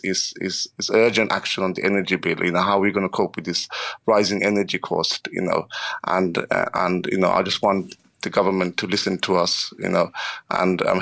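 A middle-aged working father in a radio interview, emotional and strained, speaking haltingly with many repeated words and "you know" fillers. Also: low-pitched, vocal fry, a bit bright.

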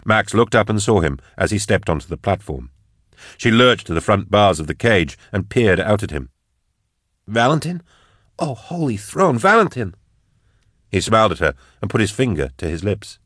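A man narrating fiction in a measured, steady storytelling manner. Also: deep voice, dry recording, clean studio sound. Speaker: audiobook narrator.

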